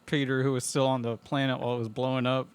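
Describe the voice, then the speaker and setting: Male podcast co-host, mid-pitched, relaxed, chats and chuckles along. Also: quick pace, a little hiss or hum. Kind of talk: casual podcast chat.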